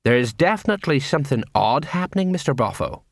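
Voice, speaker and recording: A man voicing a plodding, middle-aged male watch sergeant who questions slowly and suspiciously. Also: mid-range voice, big pitch swings, no echo, clean studio sound.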